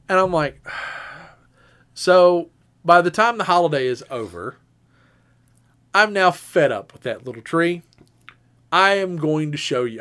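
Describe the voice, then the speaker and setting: In his thirties, this podcast co-host tells a story during casual chat, lively and animated at a measured pace. When quoting women, he slips into high, squeaky voices.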